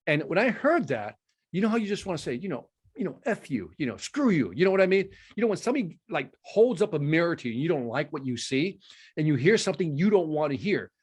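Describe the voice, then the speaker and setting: A man's voice: on the high side, fast, breathy edge. A middle-aged man from Chicago, a sales speaker telling stories in an interview and acting out the dialogue. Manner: animated storytelling, acts out dialogue. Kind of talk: storytelling interview.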